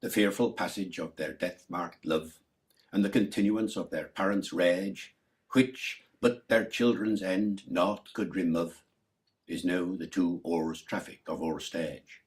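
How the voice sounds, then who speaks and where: A man doing a stage chorus, original pronunciation accent, declamatory, low-pitched, unhurried. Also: fairly even intonation. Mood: solemn. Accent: Early Modern English original pronunciation. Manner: measured, declamatory. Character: male stage chorus speaking a solemn prologue. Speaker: actor reciting a verse prologue. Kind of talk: stage verse recitation.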